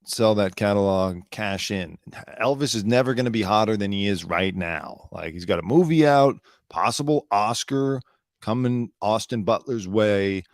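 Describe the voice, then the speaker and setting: A man's voice: lowish voice, normal speed, no room sound, studio quality. A man hosting his own show, talking casually and sarcastically, rambling and swearing freely. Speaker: show host. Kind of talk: casual solo commentary.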